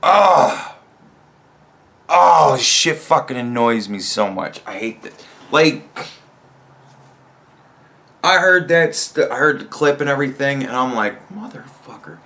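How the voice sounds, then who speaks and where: A man's voice: medium pitch, expressive, takes it slowly, creaky, long pauses, pushed and bright. A man hosting a podcast, delivering an angry, mocking political rant full of swearing. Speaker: podcast host. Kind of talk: profane political commentary rant.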